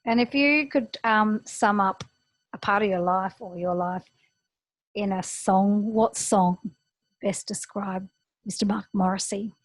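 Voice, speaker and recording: Female interviewer, husky voice, supportive back-channel, dry sound. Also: mid-range voice, measured pace, dry recording, poor audio. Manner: encouraging, short responsive interjections. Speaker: podcast host, interviewer. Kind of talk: interview conversation.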